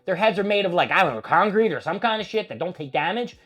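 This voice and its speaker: A man's voice: high voice, lively intonation, fast, fairly bright tone, soft background music. A man hosting a casual wrestling recap, rambling and opinionated with plenty of swearing. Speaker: host.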